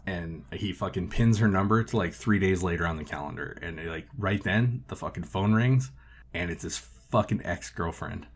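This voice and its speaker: A man hosting a podcast, casually recapping a film with profane, animated storytelling. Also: deep voice, normal speed, breathy edge. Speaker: podcast host.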